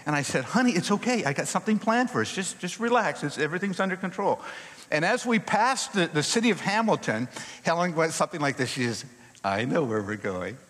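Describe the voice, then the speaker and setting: A man speaking at a chapel service, telling a long personal story in an animated way and acting out scenes and quotes. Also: sits high, fast. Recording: echoey hall, long reverb.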